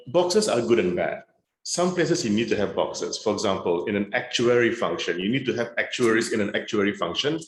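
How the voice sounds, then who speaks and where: A man's voice: on the low side, reverberant. A man speaking frankly with dry humour as a guest on a video-call panel. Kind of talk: conversational panel talk.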